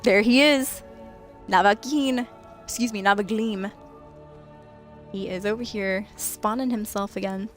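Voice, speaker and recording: A woman game streamer chatting casually to her viewers, laughing often and talking straight to them. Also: medium pitch. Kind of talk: casual live-stream chat.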